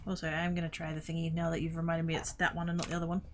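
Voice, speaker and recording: A woman streaming a game, chatting casually and muttering to herself as she plays, easily excited. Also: sits low, racing. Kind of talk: casual gaming livestream chat.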